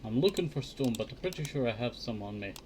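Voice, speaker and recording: An expressive, mid-range, slightly mellow male voice moves at a quick pace, with a little hiss or hum and clear keyboard clicks audible. The Minecraft streamer chats to himself during survival gameplay, mutters block counts, and flares up in annoyance at mobs.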